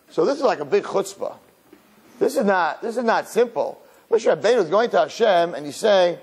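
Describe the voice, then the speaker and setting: A male rabbi teaching a Torah class, dramatic and conversational as he draws his listeners in with questions. His pitch sits a little high and swings widely. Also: very animated, a little fast, darkish tone, breathy edge.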